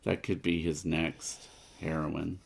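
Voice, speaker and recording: Male co-host for a game playthrough, rambling and chatty, with a gravelly voice. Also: a bass voice, little pitch movement, slow. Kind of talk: casual chat during a game playthrough.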